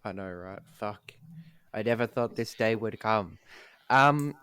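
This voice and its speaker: A man's voice: on the low side, a little slow, fairly bright tone, clear, resonant tone, no echo. A young man co-hosting a podcast, talking in a laid-back, self-deprecating way full of ums. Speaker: podcast co-host. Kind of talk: casual chat.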